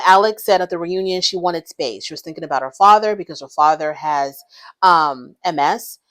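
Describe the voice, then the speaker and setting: Blunt woman with a lowish voice. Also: fairly bright tone. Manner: frank, blunt, exasperated. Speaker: reality show commentator. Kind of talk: casual opinionated commentary.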